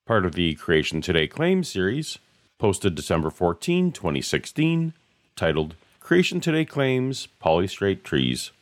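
A man's voice: low voice, huge pitch swings, a little slow. A man hosting a podcast, giving dry, mocking commentary over video clips. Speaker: podcast host.

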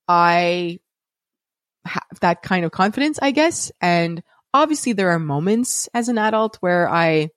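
A woman's voice: fairly low pitch, lively intonation, a little slow, no room sound, studio quality. A woman hosting a podcast, telling a personal story in a candid, conversational way with restarts. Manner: candid and conversational, with frequent restarts and light laughs. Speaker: podcast host and parent.

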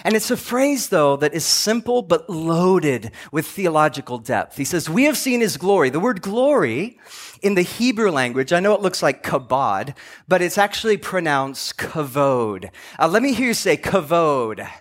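This pastor's sermon comes in a high voice with big swings in pitch, delivered at a moderate pace. Speaking in church, he plays the storyteller, performing dialogue and leaning on repeated words.

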